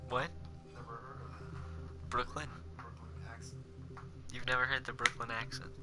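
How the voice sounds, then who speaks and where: A young man hosting a casual podcast chat, rambling and profane, with frequent animated bursts. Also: medium pitch, slow, over music. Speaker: podcast host.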